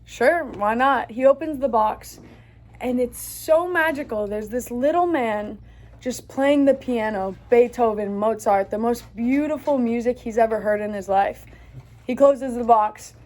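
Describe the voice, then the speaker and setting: A woman co-hosting a podcast, casually telling a joke in a relaxed way with plenty of fillers. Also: a little high, a little slow. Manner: relaxed storytelling with fillers like 'um' and 'like'.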